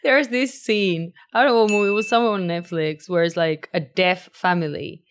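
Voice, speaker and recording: Young woman, podcast co-host, relaxed storytelling chat with lots of "like". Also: on the low side, fairly quick, a little hiss or hum. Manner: storytelling, peppered with "like". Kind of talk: casual chat.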